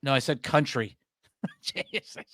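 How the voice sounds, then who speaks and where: A man with a Canadian accent hosting a comedy podcast, excitable and laughing often. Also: mid-range voice, slow pace, no room sound, clean studio sound. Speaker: podcast host. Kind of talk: casual comedy podcast chat.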